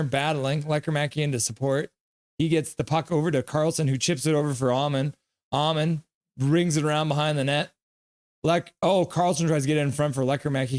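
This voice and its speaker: Excitable man streaming a hockey reaction. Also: medium pitch. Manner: excitable, reads chat messages aloud in goofy voices. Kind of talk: live reaction stream, reading chat and calling play.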